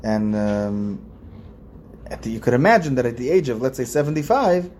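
A man's voice: medium pitch, expressive, moderate pace, darkish tone. A man, a rabbi, giving an informal religious lesson in a conversational way, repeating phrases and asking his listeners questions. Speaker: rabbi teaching a class.

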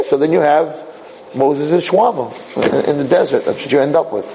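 Animated, repetitive rabbi. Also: male voice, on the high side, slight background noise, poor audio. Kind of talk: sermon.

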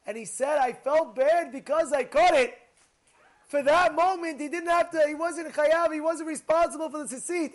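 A man giving an animated sermon, telling stories and rising to near-shouts. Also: extremely high pitch. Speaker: rabbi teaching Torah.

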